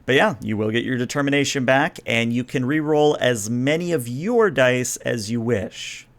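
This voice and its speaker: Brief: male game master, relaxed and chatty, mid-pitched, explaining rules and narrating. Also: normal speed.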